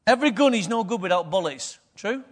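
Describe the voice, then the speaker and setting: Male pastor, middle-aged, high voice, chatty sermon full of questions to the room. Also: lively intonation, brisk. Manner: conversational preaching, asks the congregation questions.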